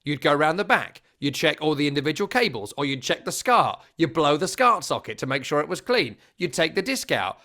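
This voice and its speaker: A man over thirty-five co-hosting a casual football podcast, telling jokey, animated stories. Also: a little high, a little fast, hardly any pauses. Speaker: podcast co-host.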